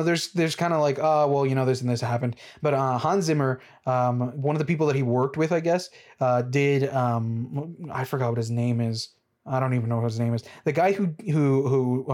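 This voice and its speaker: A casual movie review vlogger talks in a rambling way, full of restarts and fillers like "like" and "dude". The voice sits in a middle pitch range. Now and then it jumps up into excited, animated bursts.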